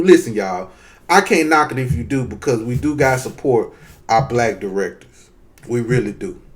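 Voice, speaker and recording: Casual Southern man ranting to camera. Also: fairly low pitch. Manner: loose, conversational, profane, addresses viewers as y'all. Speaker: vlogger giving opinions. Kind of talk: casual opinion rant.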